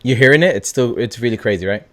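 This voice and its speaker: A young man hosts a loose, casual chat, getting worked up easily and swearing freely. His voice sits at an ordinary middle pitch, and his sentences often trail off as he talks. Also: fast. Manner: excitable, swears a lot, trails off. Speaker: podcast host.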